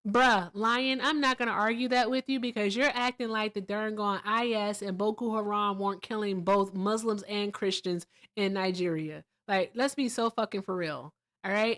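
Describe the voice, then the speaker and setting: A woman from Virginia hosting a casual livestream, animated and gushing as she thanks viewers, jumping between loud excitement and quiet asides. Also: mid-range voice, normal speed, hardly any pauses. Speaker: livestream host.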